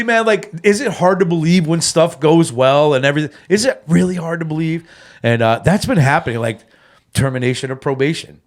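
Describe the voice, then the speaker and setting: A man co-hosting a casual sobriety podcast, telling a personal story in an animated way and dropping fillers like man and bro. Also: on the high side, brisk. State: tearful when reliving the moment. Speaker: podcast co-host.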